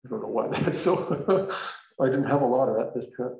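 A man's voice: mid-range voice, expressive, normal speed, warm tone. A male pastor telling a story in a conversational, emphatic sermon. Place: church sanctuary. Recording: echoey church room.

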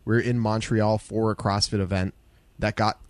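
Laid-back young man, low voice. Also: level tone, normal speed, dry recording. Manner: laid-back, rambling, lots of fillers like "like". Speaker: podcast guest. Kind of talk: casual podcast chat.

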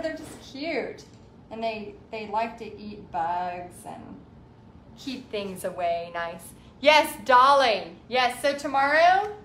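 A Texas woman in her 40s with a high-pitched, slightly bright voice hosts a casual live art stream, chatting during a craft demo and reading viewer comments aloud. The livestream sound is roomy, with a little hiss or hum.

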